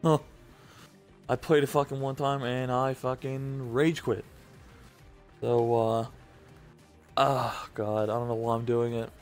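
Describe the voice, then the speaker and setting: A man's voice: medium pitch, level tone, slow pace, long pauses, darkish tone, soft background music. A tired young man hosting casual gameplay commentary, profane and cranky, swearing constantly. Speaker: gaming channel host.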